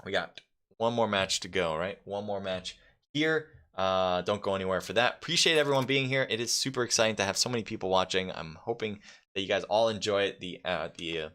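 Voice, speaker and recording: A man's voice: sits low, a bit bright, clean tone. A man from New York casting a mobile esports event live, reading out team kill counts and talking casually with chat. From New York, United States. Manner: reads scores off quickly, chatty with viewers, many fillers. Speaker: esports caster. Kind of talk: solo live esports commentary.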